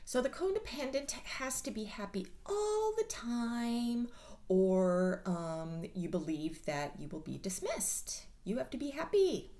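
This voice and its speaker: A woman vlogger talks in a casual monologue with a blunt, sarcastic edge and plenty of swearing. Her pitch rises and falls a lot as she speaks. She keeps an unhurried, drawn-out pace. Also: big pitch swings, mellow. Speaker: mental health vlogger.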